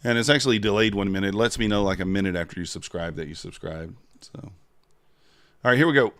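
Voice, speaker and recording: A man's voice: lowish voice, fast, fairly bright tone, dry recording. A man hosting a casual trading livestream, chatting with viewers and counting down a giveaway.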